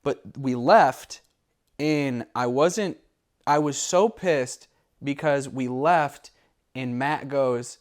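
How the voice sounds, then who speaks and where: A man's voice: mid-range voice, slow. A young man hosting a casual chat, teasing, laughing often and arguing playfully. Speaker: host.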